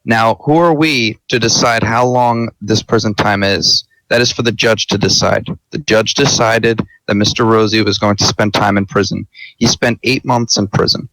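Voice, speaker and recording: A man's voice: on the low side, steady tone, normal speed, a bit bright, dry recording, low-quality recording. A man playing an attorney general in a mock senate debate, speaking firmly and insistently. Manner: firm, insistent, defending a nominee. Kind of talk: role-played parliamentary debate.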